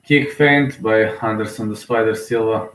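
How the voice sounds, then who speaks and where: A young man giving live, emotional fan commentary on a fight, excitable and often repeating himself. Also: on the low side, moderate pace. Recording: roomy echo.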